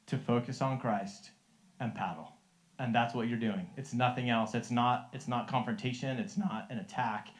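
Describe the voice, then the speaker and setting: A middle-aged man and Christian life coach telling a testimony to a live group, earnest and often laughing, with many restarts. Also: medium pitch.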